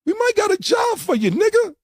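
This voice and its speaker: A podcast host, a man, ranting loudly and taunting, laughing as he boasts. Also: extremely high pitch, sing-song, a little fast, no room sound, studio quality. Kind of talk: boastful rant.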